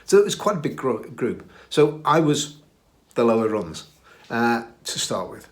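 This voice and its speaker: A middle-aged British man hosts his own show and tells stories in a loose, chatty way. He is self-deprecating and keeps his restarts and "uh"s in. His voice sits in an ordinary middle pitch. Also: big pitch swings, unhurried. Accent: British English. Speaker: podcast host recounting his career. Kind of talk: casual storytelling.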